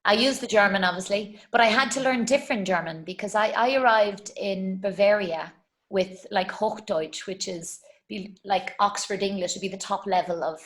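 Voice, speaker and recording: A woman's voice: mid-range voice, normal speed, fairly bright tone. Middle-aged woman guest, chatty, video call audio. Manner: chatty, fillers like "you know". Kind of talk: casual interview chat.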